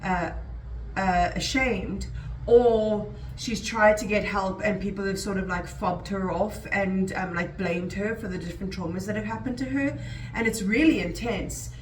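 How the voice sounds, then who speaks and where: A woman's voice: mid-range voice, unhurried, recorded from a distance. A woman talks through her day and her reading in a loose, rambling vlog chat, dropping "like" and "um" often. Her voice sits a little off the mic in an echoey room, with faint noise underneath. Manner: chatty, rambling with frequent "like" and "um". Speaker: book vlogger.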